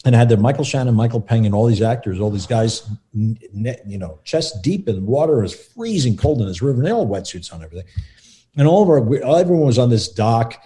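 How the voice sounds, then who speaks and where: Fast-talking man telling set stories. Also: medium pitch. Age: middle-aged. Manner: animated, acts out quotes of others. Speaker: film assistant director, guest. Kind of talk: anecdotal interview storytelling.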